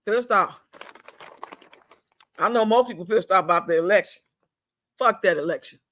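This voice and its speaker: Fuming older man venting, high voice. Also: normal speed, fairly bright tone. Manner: fuming, profane, repeats himself, drawls some words out. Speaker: livestream host. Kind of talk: angry venting live stream. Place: at home.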